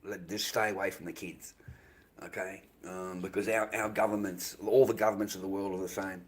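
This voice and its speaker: A man's voice: low voice, little pitch movement, fairly quick. An Australian man ranting casually on his live stream, profane, rambling and dismissive.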